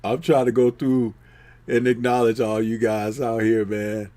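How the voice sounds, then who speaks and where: A man hosts a live boxing talk stream in a slow, unhurried drawl. He reads out viewer comments one by one and answers them with easygoing, chuckling asides. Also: medium pitch, level tone, mellow. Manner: laid-back, drawn-out, chuckling asides.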